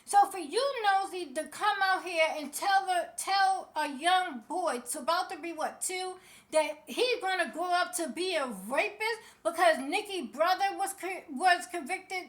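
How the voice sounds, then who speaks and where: A woman's voice: very high voice, unhurried, a bit bright. A woman vlogger giving passionate, sassy celebrity commentary, talking straight to the people she scolds.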